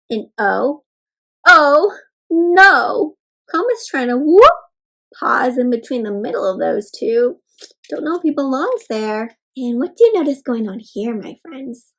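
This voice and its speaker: Woman, high voice, children's read-aloud, animated, teacherly, prompts kids to join in.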